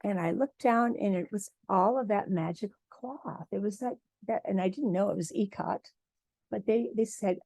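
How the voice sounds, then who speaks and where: A woman from Michigan, a textile artist, giving a lively personal talk at a symposium and acting out quoted dialogue. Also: mid-range voice, moderate pace, no room sound. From Michigan, USA. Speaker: guest speaker, textile artist.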